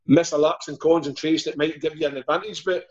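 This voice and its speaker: A man co-hosting a podcast, musing in a rambling way with plenty of "like". His voice is a little high for a man, and the recording sounds slightly dull and lo-fi. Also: steady tone, quick pace. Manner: thoughtful, rambling with "like". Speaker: podcast co-host, ex-footballer. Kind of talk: casual chat.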